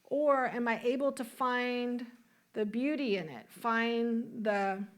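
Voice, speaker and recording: A woman's voice: fairly high pitch, slow pace. A woman minister giving a conversational sermon in a church, asking the congregation questions and laughing now and then. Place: church sanctuary.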